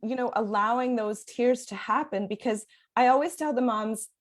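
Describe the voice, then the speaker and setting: A young adult woman appears as a podcast guest, a parenting sleep coach speaking earnestly in long, flowing sentences and laughing often. Her voice is fairly high and her pace moderate.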